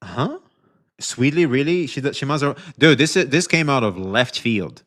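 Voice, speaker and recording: A male streamer reacts to a video live and talks straight to his chat. His pitch rises and falls a lot as he rambles and corrects himself, and he swears freely. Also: sing-song, a little slow, fairly bright tone. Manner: addresses chat directly, frequent restarts and swearing. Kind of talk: livestream reaction commentary.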